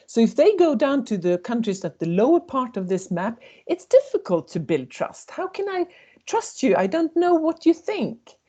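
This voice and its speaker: A woman leads a webinar on intercultural communication. Her voice is mellow and her intonation is animated. She tells short stories and slips into the voices of the people in them. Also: fairly high pitch, slightly rough. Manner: storytelling, acting out quoted voices. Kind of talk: webinar presentation.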